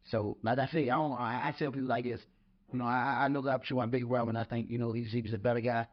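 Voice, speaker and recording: A man and former boxer is telling stories on a podcast at a quick clip. He stumbles over his openings and repeats a word or two. The recording sounds slightly dull and lo-fi. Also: mid-range voice, steady tone. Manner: rambling, repeats words when starting a thought. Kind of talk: casual storytelling.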